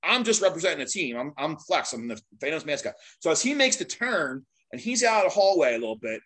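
A middle-aged man rattling off his stories at a quick clip, his voice sitting a little high for a man. He is a guest on a podcast and talks in a loose, animated way, laughing as he goes and acting out other people's lines. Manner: animated, laughs often, acts out quotes. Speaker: guest, veteran sports mascot. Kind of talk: casual storytelling.

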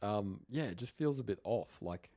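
A man's voice: fairly low pitch, expressive, normal speed, mellow. A man with an Australian accent co-hosting a podcast in casual chat, rambling and full of fillers and restarts. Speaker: podcast co-host.

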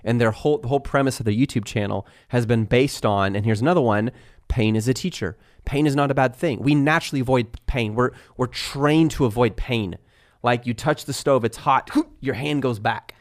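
A man in a casual podcast chat, eager and quick to agree. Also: mid-range voice, no echo, studio quality.

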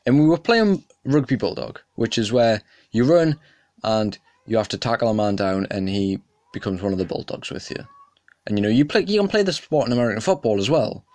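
A man's voice: brisk, no room sound. Young man ranting on a podcast. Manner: animated, indignant ranting, jumping up in pitch and volume. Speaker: podcast host. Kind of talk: casual solo podcast rant.

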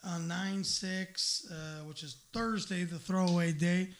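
A man's voice: sits high, fairly even intonation, takes it slowly. A man hosting a casual comedy talk show, blunt and profane, rambling with many fillers. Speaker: radio show host.

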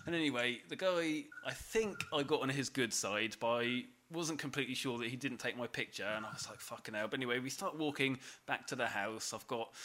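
A man's voice: medium pitch, bright, forceful tone. A man on a podcast, animatedly telling a story through laughter and swearing. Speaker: podcast co-host. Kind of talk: casual storytelling chat.

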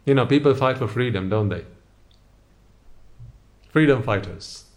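A man's voice: mid-range voice, measured pace. A man giving a motivational talk, speaking straight to the listener with a stream of rhetorical questions.

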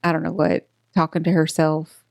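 A woman co-hosting a podcast, telling a story in a lively way with frequent laughter and acted-out quotes. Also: low-pitched, moderate pace, creaky, dry recording, clean studio sound. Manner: animated, laughing, acts out quotes. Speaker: podcast co-host. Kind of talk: casual storytelling chat.

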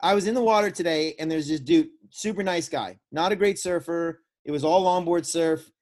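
A man's voice: a little high, moderate pace. A young Florida man co-hosts a casual podcast with a slightly raised voice. He tells surf stories with plenty of life and slips into the voices of the people he quotes. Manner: animated storyteller who acts out quoted voices. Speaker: podcast co-host. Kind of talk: casual chat, storytelling.

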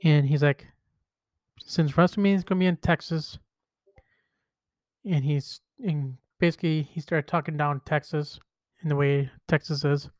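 A man hosts a casual wrestling podcast, talking in a loose, rambling way and restarting his sentences as he retells what others said. His voice sits a little high. The sound is dry and close, with no room around it. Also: steady tone, normal speed, a little mellow, no room sound. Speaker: podcast host.

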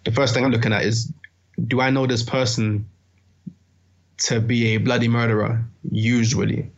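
A man in casual chat, talking in a measured, musing way with some swearing. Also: mid-range voice, level tone, gravelly, muffled recording.

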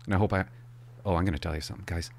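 A man's voice: sits low, rapid-fire, vocal fry, a little hiss or hum. A man hosting a podcast, telling rambling stories and acting out other people's lines. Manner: animated, rambling, acts out quotes with voices and whispers. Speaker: podcast host. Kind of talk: casual storytelling.

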